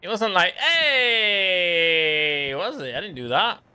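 A man giving jokey, rambling commentary over live gameplay, swearing and muttering to himself between bursts of excitement. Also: high-pitched, brisk. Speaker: gaming channel host.

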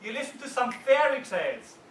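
A man reading out and voicing a furious, bullying male juror who shouts down the others. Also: extremely high pitch, very animated, a little fast, a little hiss or hum, voice pushed up, heavily acted. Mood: enraged. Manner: shouting, loud and heated. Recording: roomy hall from far off.

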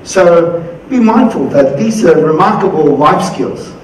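A man's voice: on the high side, a little slow, far from the mic, slight background noise. Australian man keynoting in echoey hall. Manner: energetic, acts out quoted voices. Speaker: conference keynote speaker. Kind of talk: motivational conference talk. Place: conference hall.

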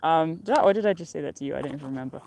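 A young woman streams live from a mountaintop as an outdoor vlogger, chatting cheerfully and rambling with frequent laughter. Her voice sits low and a little mellow, expressive and rapid-fire, with slight background noise.

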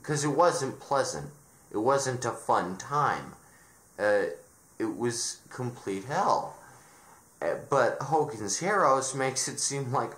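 A man's voice: medium pitch, lively intonation, takes it slowly, fairly bright tone. A man ranting sarcastically in a show review, exasperated and often restarting his sentences, in a roomy recording. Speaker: video reviewer. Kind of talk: ranting commentary. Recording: roomy echo.

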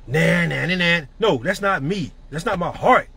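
A man's voice: on the high side, moderate pace, gravelly, bright, forceful tone, slightly rough. A middle-aged man giving a profane, emphatic motivational rant to his network marketing team.

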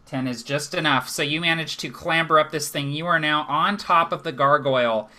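A man's voice: a little high, normal speed, bright, forceful tone. A man narrating a live tabletop game as game master, chatty and laughing often, with lots of fillers.

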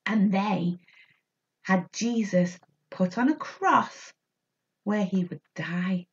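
A woman telling a story to preschool children in an animated, sing-song way, inviting them to join in with actions. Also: mid-range voice, slow pace, long pauses, dull audio. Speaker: children's church leader.

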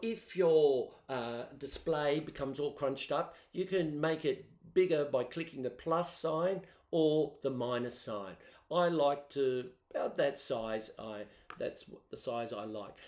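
A man teaching students, explaining music software step by step in a chatty way on a laptop microphone. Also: medium pitch. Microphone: built-in laptop microphone. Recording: roomy echo.

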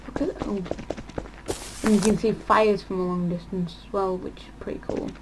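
A woman, host of a gaming channel, gives casual gameplay commentary in a steady, medium-pitched voice at a moderate pace. She thinks aloud and often trails off mid-sentence, with audible background noise.

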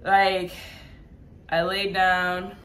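A woman co-hosting a vlog, telling a story in a lively, rambling way with frequent laughs. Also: fairly low pitch, very slow. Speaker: vlog co-host. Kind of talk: casual storytelling chat.

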